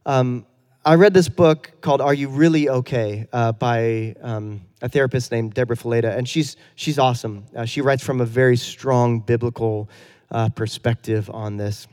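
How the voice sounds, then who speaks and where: A man in his thirties, a pastor giving a sermon in a relaxed, conversational storytelling way with self-deprecating humor. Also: mid-range voice, normal speed, smooth.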